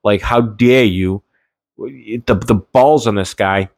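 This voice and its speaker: A man's voice: fairly low pitch, slow pace, no room sound. A man giving a heated, indignant political rant in a casual, rambling way, often restarting his sentences. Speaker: political commentator.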